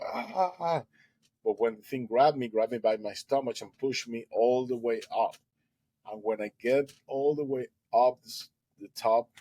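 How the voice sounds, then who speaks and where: A man's voice: medium pitch, mellow, slightly rough, no echo, low-quality recording. A man, a guest in an interview, telling a story animatedly and acting out its dialogue.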